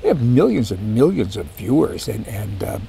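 A man's voice: mid-range voice, very animated, moderate pace, gravelly, dark tone, slight background noise. A man hosting a political commentary monologue, ranting with sarcastic asides. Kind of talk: opinionated monologue.

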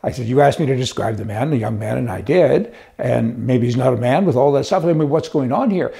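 A man's voice: mid-range voice, lively intonation, a little fast, gravelly, mellow. An older man hosting a talk show, rambling through folksy jokes and stories in a casual way, with frequent restarts. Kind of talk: casual joke-telling and commentary.

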